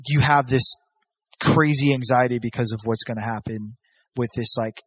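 A man chatting casually as a podcast co-host, animated and swearing freely, acting out quoted voices. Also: mid-range voice, normal speed, slightly rough. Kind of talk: casual chat.

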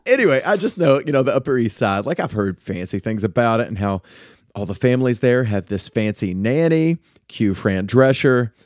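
A podcast host in casual conversation, this man is playful and teasing, with a medium-pitched, somewhat dark voice that swings widely in pitch. He talks at a moderate pace, and the recording is clean studio audio with no room sound.

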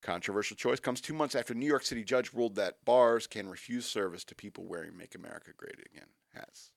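A man's voice: lowish voice, quick pace, creaky, no room sound, clean studio sound. Wry man reading news on radio. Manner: reads news items aloud with wry asides. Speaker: radio show host. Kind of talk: casual talk radio banter.

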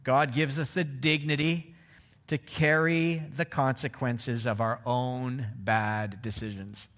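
A man's voice: mid-range voice, steady tone, takes it slowly, a bit bright. Conversational middle-aged male pastor. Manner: conversational, asks the audience "right?". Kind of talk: sermon.

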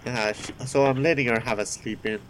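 A man's voice: medium pitch, steady tone, fairly quick, a little hiss or hum, close to an everyday voice, rough recording. A man voicing a cheerful middle-aged male baker, calling people lass. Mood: cheery. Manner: jolly, folksy, calls people lass.

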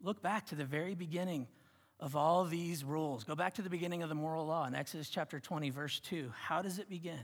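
A male pastor, his voice a touch higher than most men's, delivers a sermon at a quick pace in a church sanctuary. He pushes his voice up for emphasis, then drops to a hushed near-whisper, with a long hall reverb trailing each phrase.

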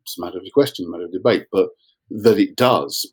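A man's voice: deep voice, fast talker, a little mellow, husky, no room sound, rough recording. A man, an author guest on a podcast, explaining his views at length in a thoughtful, rambling way. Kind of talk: casual chat.

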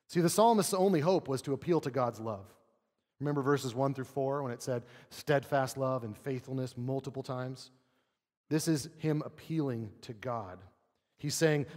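A man's voice: lively intonation, moderate pace. Earnest man preaching in a reverberant hall. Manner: earnest, rhetorical questions, drops to quiet low reading of scripture. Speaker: pastor. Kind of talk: sermon.

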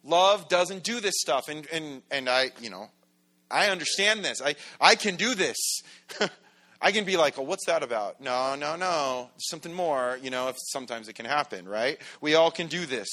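A man's voice: fairly high pitch, animated, moderate pace, pushed and bright. A middle-aged man preaching a casual, conversational sermon as a pastor, full of asides and rhetorical questions.

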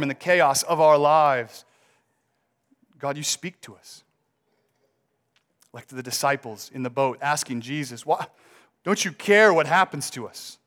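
A man preaching a sermon, reading scripture and rising emphatically on key words before slowing down to let them land. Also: medium pitch, fairly bright tone. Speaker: pastor.

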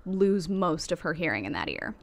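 A woman casually recounting a historical woman's life to a co-host, animated and loose, with light swearing. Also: lowish voice, moderate pace, vocal fry, slight background noise. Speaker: podcast co-host telling a life story. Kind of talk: casual storytelling chat.

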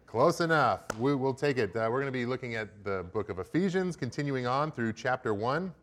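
A man's voice: medium pitch, fairly quick. A young man, the preaching minister, speaking casually and jokingly to his congregation in a church before the sermon. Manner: relaxed, joking, direct with congregation. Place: church sanctuary.

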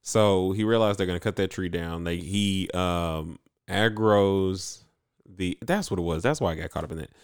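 A man's voice: deep voice, normal speed, clean tone, no room sound, studio quality. A man co-hosting a casual podcast, recapping an anime episode in a rambling way full of likes and ums. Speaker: podcast co-host.

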